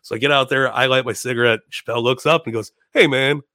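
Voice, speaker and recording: Animated storyteller man, swearing, dry close mic. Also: mid-range voice, quick pace, dry recording. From Chicago. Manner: animated, swears freely, acts out quotes in raised voices. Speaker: podcast guest. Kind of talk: casual storytelling.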